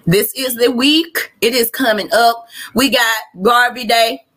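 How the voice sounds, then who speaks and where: This time the Arkansas podcast host's voice sits on the high side, steady and a bit bright, at a measured pace. She still rants bluntly on the live show, with plenty of swearing in her Southern accent.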